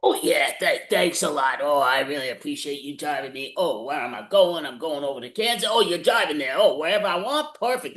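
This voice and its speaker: A man's voice: high-pitched, fairly bright tone, echoey room. A man improvising a chatty male hitchhiker who keeps exclaiming and stammering, in a live improv scene over a video call. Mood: blissful. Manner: exclaims "oh" constantly, rambling and stammering. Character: chatty male hitchhiker, easily delighted then panicky.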